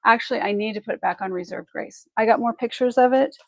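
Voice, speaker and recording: A woman's voice: on the high side, quick pace, creaky, darkish tone, no echo, poor audio. A woman hosting a live online jewelry sale, chatty and effusive, thinking aloud as she measures pieces and thanks buyers. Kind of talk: live shopping stream chat.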